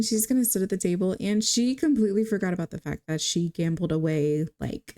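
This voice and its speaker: A woman's voice: medium pitch, fairly even intonation, a little fast, mellow. A young woman giving chatty, giggly gameplay commentary, talking straight to her viewers. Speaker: gaming video creator.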